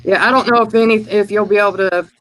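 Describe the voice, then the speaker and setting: Brief: man with a high voice, guest on a live call, loose and rambling. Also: fairly even intonation, quick pace, a bit bright, rough recording. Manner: rambling, many fillers and restarts. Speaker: guest sharing field experiences. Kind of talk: casual storytelling on a live call.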